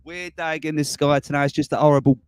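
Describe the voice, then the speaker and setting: A man's voice: fairly high pitch, steady tone, quick pace, a little mellow, clean tone, dry recording. A middle-aged man hosting a casual livestream from home, rambling, chuckling often and greeting chat viewers by name. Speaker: livestream host. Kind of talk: casual live-stream chat. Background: faint background music.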